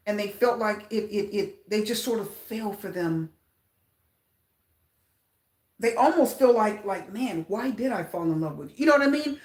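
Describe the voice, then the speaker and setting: A woman with a voice on the high side reads tarot casually, her voice carrying a roomy sound. She's animated and addresses viewers directly, going back over phrases for emphasis.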